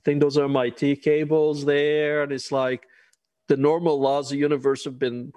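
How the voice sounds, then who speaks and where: A man's voice: on the high side, little pitch movement, moderate pace, mellow, no room sound. Man, dry close sound. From Iran. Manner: chatty, laughs often, wry asides. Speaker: guest. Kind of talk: casual interview conversation.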